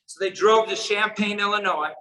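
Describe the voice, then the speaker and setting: A man with a high, bright voice delivers a storytelling conference speech. His tone is earnest and shifts between soft, quiet passages and emphatic ones. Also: normal speed, low-quality recording. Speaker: keynote speaker.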